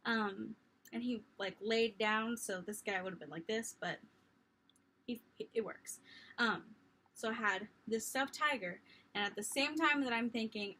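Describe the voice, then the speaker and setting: Young woman vlogging, bright clear voice, a bit high, lively self-mocking storytelling. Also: measured pace, a little hiss or hum. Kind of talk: casual storytelling.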